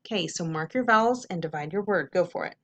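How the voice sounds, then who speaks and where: A woman's voice: lowish voice, expressive. Woman teaching a phonics lesson. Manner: slow sounding-out of syllables; patient, repetitive classroom drills.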